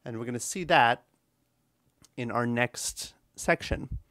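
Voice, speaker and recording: A man teaching an exam listening lesson, explaining number pronunciation slowly and demonstrating rhythms by counting aloud. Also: mid-range voice, fairly bright tone, no echo, clean studio sound. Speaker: English teacher.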